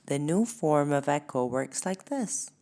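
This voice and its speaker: A woman hosting a tarot reading channel, talking casually and rambling, with restarts and soft laughs. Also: deep voice, expressive, measured pace. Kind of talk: casual spiritual talk to camera.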